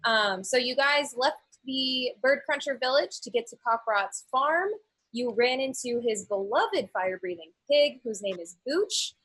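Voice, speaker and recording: A woman's voice: a little high, expressive, unhurried, a bit bright, no echo, poor audio. A young woman running a tabletop game, recapping the story in a chatty way with frequent ums. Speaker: game master.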